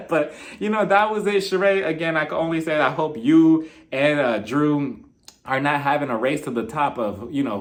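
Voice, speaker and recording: A young man hosting a casual reality TV recap, chatty and animated, acting out the cast's lines and laughing often. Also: mid-range voice. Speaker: TV recap host.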